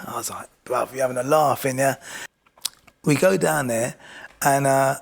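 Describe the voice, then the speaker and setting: A man's voice: mid-range voice, fairly even intonation, fairly quick, creaky. A middle-aged man, a boxing coach telling stories as a guest in casual chat, often asking "do you know what I mean". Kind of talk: casual storytelling.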